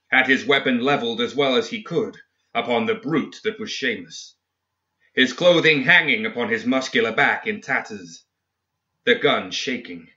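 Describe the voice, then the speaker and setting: A man narrating a dark fantasy story in a steady, dramatic storytelling manner. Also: medium pitch. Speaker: audiobook reader. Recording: dull lo-fi recording.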